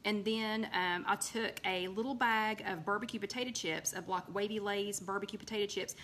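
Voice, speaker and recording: A woman's voice: mid-range voice, steady tone, normal speed, a bit bright, slight background noise. A woman hosting a live recipe chat from her home, rambling casually with lots of ums and greeting viewers by name.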